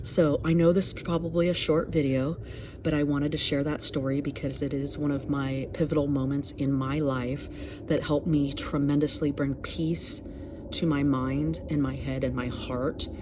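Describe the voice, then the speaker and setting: A woman's voice: low voice, heavy background noise. A middle-aged woman sharing a personal story in an earnest, reflective way, with many fillers, as a mental health advocate.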